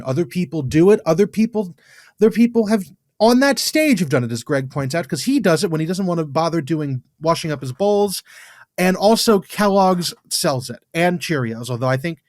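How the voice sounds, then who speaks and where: English guy on a podcast, blunt, swears a lot, slightly high voice, dry sound. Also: no room sound. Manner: blunt, swears freely, quick to dismiss. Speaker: podcast co-host. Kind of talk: casual chat.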